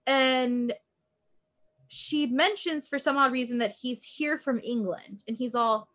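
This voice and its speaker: A woman's voice: sits high, unhurried, fairly bright tone. A woman chatting casually as a podcast co-host, retelling a true-crime episode in a rambling way, full of "like" and acted-out quotes. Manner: rambling, heavy use of "like", acts out quotes.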